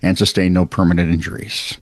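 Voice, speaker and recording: A man co-hosting a podcast, reading out odd news stories in a wry, animated storytelling way with casual asides. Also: sits low, a little fast, no echo. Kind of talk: casual comedic news chat.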